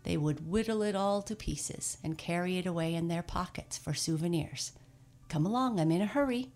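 Woman plays brisk old storybook Santa, hearty and bustling, deep and gravelly. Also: steady tone, darkish tone, natural voice. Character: jolly brisk old male Santa Claus.

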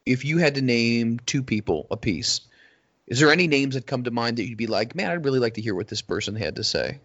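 A man's voice: medium pitch, expressive, fairly quick, fairly bright tone. Easygoing man hosting a podcast. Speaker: podcast host. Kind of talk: casual podcast chat. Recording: dry dull lo-fi sound.

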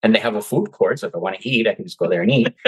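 A man's voice: lowish voice, rapid-fire, a crowd in the background, low-quality recording. A man who is a guest coach on an interview show, speaking in casual chat and acting out his own quoted reactions. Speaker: guest, seller turned coach.

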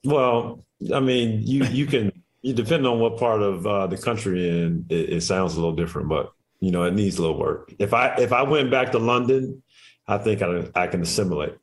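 A man in his forties, a former athlete, talking in a relaxed, rambling, reflective way as a radio show guest. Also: on the low side, normal speed. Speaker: guest, former basketball player and coach. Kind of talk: casual interview chat.

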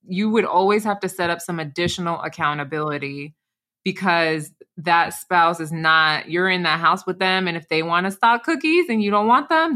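Bright, energetic woman coach. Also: lowish voice. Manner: chatty, energetic, frequent "like" and "you know". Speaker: wellness coach and co-host. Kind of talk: casual podcast chat.

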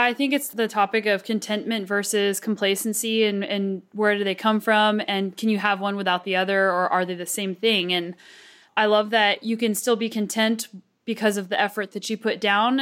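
A woman's voice: medium pitch, flat delivery, moderate pace, a bit bright. An American woman hosting an interview, chatting in an upbeat, enthusiastic way. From United States. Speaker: podcast host. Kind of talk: casual interview chat.

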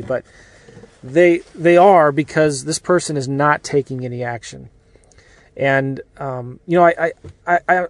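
A man's voice: fairly high pitch, a little mellow. A middle-aged man hosting a casual talk while driving, chatty and rambling with fillers and restarts, speaking from inside his car. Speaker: host.

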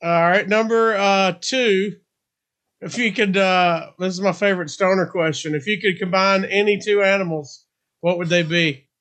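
High-voiced man hosting a chat. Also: steady tone, fairly bright tone. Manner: laughs along, quick rapid-fire questions. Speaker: host. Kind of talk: casual interview.

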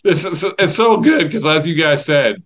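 A male podcast host chats casually and nudges his guest along with jokey questions. His voice sits a little high. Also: lively intonation, normal speed, fairly bright tone. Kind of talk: casual chat.

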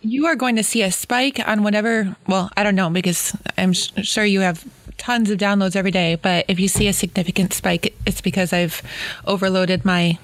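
A woman's voice: mid-range voice, steady tone, a little fast, no room sound. A woman hosting a podcast, effusive and chatty, speaking directly to her listeners. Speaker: podcast host. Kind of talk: conversational interview.

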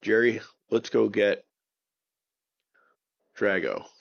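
Man voicing a calm young hero, slow, lively pitch, dull lo-fi sound. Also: creaky, full character voice. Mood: steady.

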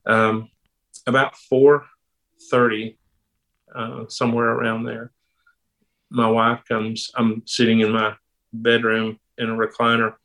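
A man in his fifties speaks in a steady middle register, unhurried and halting. He pauses and restarts often as he tells a personal story in a podcast interview. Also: medium pitch, rough recording. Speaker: pastor and police officer.

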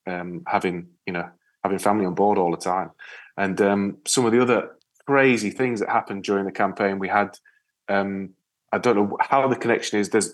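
Man with a low voice. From Yorkshire, England. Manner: storytelling, lively, animated re-enactments. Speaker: guest, ocean rower. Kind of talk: casual interview chat.

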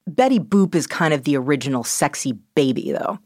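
A middle-aged woman author in a conversational interview, talking quickly and animatedly, dropping into quick voice impressions. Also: low voice, big pitch swings, darkish tone, dry recording, studio quality.

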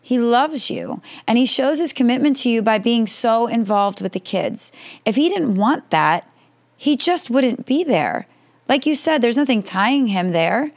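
A woman's voice: on the high side, animated, a little slow. A woman in her forties hosting an advice podcast, answering listener questions in a direct, reassuring way.

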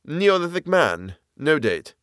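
A man voicing an eager, knowledgeable naturalist man who explains the moor with lively enthusiasm. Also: on the high side, slow pace, no room sound, clean studio sound, pitched above the performer's own voice, heavily acted. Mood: lecturing.

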